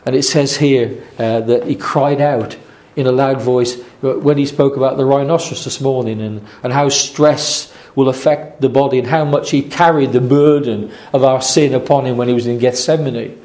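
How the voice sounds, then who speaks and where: A man's voice: mid-range voice, darkish tone. A man preaching a sermon earnestly, repeating his phrases and restarting often.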